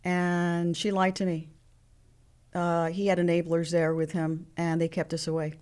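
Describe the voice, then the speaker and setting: This woman, in her sixties and of Mexican heritage, has a clear, resonant voice on the low side and takes her time. As an interview guest she shares candid personal stories, animatedly acting out recounted phone calls in quoted voices.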